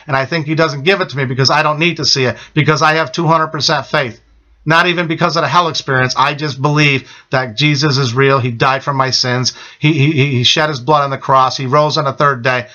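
A man's voice: medium pitch, bright, forceful tone, lo-fi sound. A middle-aged man telling an emphatic personal testimony, often repeating "okay?" and addressing listeners as his friends. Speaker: testimony speaker.

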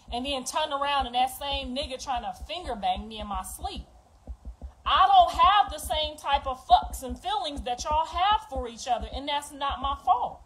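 A middle-aged woman, speaking openly to her viewers. Her talk is raw and full of profanity. She swings from low, quiet stretches to loud, heated bursts. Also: slight background noise, poor audio. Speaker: mother speaking out. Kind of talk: emotional monologue to viewers.

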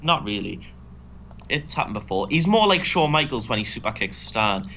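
Animated man with sarcastic banter. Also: lowish voice, moderate pace, gravelly, a little hiss or hum. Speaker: co-host. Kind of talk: casual gaming commentary.

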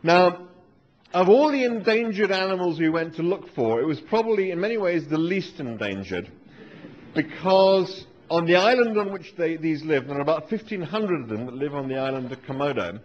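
A man, giving a humorous live talk on stage with dry, wry, deadpan asides. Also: a little high, normal speed. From England. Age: 40s. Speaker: author giving a live reading. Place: lecture hall with an audience. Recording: dull lo-fi live recording with faint noise.

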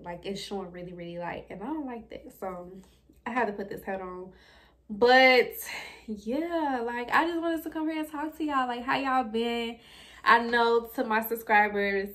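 A woman's voice: medium pitch, a bit bright. A young woman, chatting casually and expressively to her viewers in a home vlog, speaking into her camera. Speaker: vlogger.

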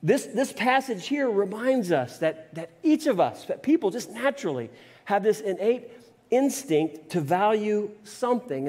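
Pastor guy preaching in a church, kinda high voice, lots of repeats n restarts, big echoey hall. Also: darkish tone. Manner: storytelling with frequent word repeats and restarts. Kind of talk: sermon. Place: church sanctuary.

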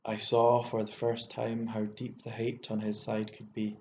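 Low, even-voiced Irish male narrator. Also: measured pace. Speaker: audiobook narrator. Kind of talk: literary audiobook reading. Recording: dull lo-fi with faint hiss.

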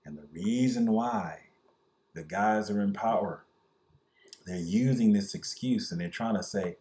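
A man's voice: lowish voice, unhurried, warm tone. A man giving a Christian commentary in an earnest, emphatic preaching manner.

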